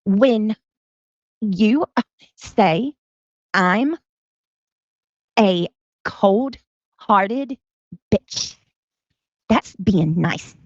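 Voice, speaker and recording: A woman mockingly imitating a cold, sneering woman, drawing out every word slowly. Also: medium pitch, expressive, darkish tone, dry recording. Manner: mocking, slow and drawn-out. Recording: dull lo-fi stream audio.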